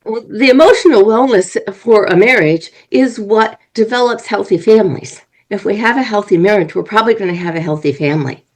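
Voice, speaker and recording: A woman's voice: medium pitch, fairly quick, hardly any pauses, a little mellow, low-quality recording. A woman speaking as a guest on an interview podcast, explaining in an earnest way and working through examples. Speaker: marriage and family coach.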